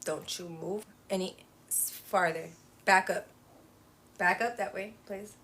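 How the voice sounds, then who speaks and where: A woman's voice: mid-range voice, fairly even intonation, slow, a bit bright. Mom hosting a casual home livestream, chatty and motherly, light background hiss. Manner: chatty and motherly, talks to her child and to viewers.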